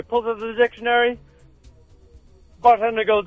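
A man's voice: high voice, moderate pace, long pauses, no room sound, faint music behind. A man calling into a radio show and telling a long joke, acting out the characters. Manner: animated storyteller, voices the characters. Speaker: caller. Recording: tinny dry phone line.

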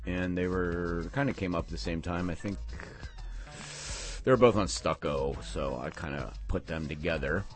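A low-voiced man talks on air as a radio DJ between tracks, loose, jokey and excitable, wandering off on tangents. He sounds close to a studio mic, with music playing faintly behind him. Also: normal speed. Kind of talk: casual on-air chat between songs.

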